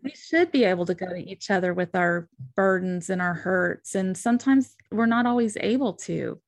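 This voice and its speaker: A woman hosting a faith-based podcast with a steady, middle-pitched voice. She talks earnestly and with emphasis, giving listeners direct advice. The sound is dry and close. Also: normal speed, no echo. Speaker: podcast host and therapist.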